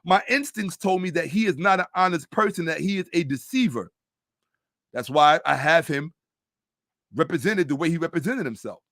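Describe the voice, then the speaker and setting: Middle-aged male host, high pitch, emphatic storyteller, dry close sound. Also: expressive, a bit bright, dry recording. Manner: emphatic, drawn-out stresses, storytelling. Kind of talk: casual monologue commentary.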